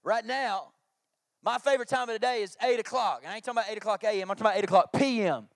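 High-voiced preacher telling family stories. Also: male voice, rapid-fire, no echo, clean studio sound. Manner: storytelling, jokey, animated with acted-out quotes. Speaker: pastor. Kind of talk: sermon.

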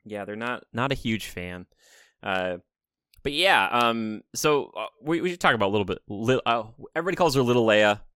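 Homme à voix grave, bavardage décontracté. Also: male voice, fairly low pitch, expressive, a little fast, fairly bright tone, clear, resonant tone, no echo, clean studio sound. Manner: rambling, acts out quotes in funny voices. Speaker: podcast co-host. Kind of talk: casual chat.

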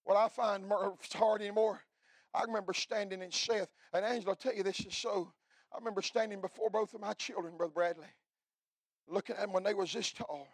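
A middle-aged man preaching an impassioned revival sermon, swinging from hushed pleading to shouting, with frequent "uh" fillers. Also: high-pitched, steady tone, fairly quick, no room sound. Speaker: pastor.

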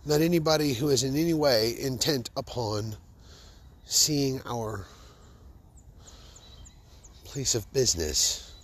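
A man's voice: mid-range voice, slow, long pauses, husky. A man in a casual comedic monologue, hosting his own show, sarcastic and laughing at his own stories. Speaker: podcast host.

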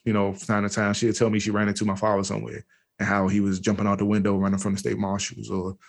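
A man's voice: fairly low pitch, monotone, fast talker, gravelly. A man from the Washington, D.C. area, speaking candidly and slangily as an interview guest, with frequent restarts. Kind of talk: candid personal storytelling.

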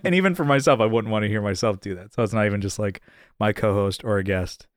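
A man's voice: lowish voice, quick pace, no echo. Podcast guy chatting, does the voices in his stories, dry close mic. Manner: animated storyteller, acts out quotes in raised voices. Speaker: podcast co-host. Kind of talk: casual chat.

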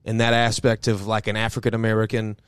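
A man's voice: on the low side, monotone, fast, clean tone, dry recording, clean studio sound. A man co-hosting a casual sports podcast, talking loosely with restarts and casual swearing. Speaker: podcast co-host.

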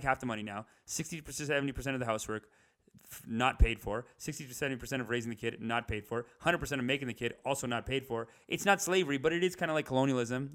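A young man riffing in a comedic rant, animated, slipping into higher mocking impressions.

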